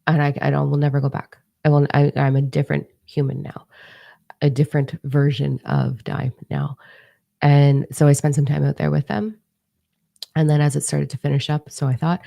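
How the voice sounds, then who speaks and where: A woman's voice: deep voice, level tone, moderate pace, vocal fry, mellow, dry recording, studio quality. A woman in her forties, a spiritual teacher telling a story in a casual, rambling monologue, blunt and swearing freely. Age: 40s.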